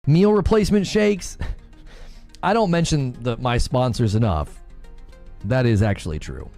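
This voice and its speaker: A young man, a live streamer, chatting casually on stream in a smooth, polished way that others say sounds like a commercial. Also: mid-range voice, expressive, a little slow, darkish tone, soft background music.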